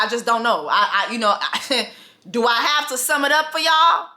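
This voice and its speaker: A woman rants through a comedic TV recap, her voice high and bright. She swears freely, laughs often and acts out the characters in quick bursts. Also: animated. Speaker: recapping a TV episode.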